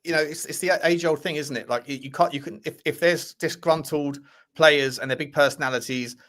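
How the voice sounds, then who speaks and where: A man's voice: on the high side, fairly even intonation, a little fast, a bit bright. A man co-hosting a casual football news chat, jokey and full of restarts and fillers. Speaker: co-host of a football news show.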